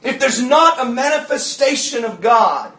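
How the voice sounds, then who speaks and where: A male pastor, preaching and retelling a story with animated, shouted peaks. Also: very high-pitched, a little slow. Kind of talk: sermon. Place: church sanctuary. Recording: roomy church echo.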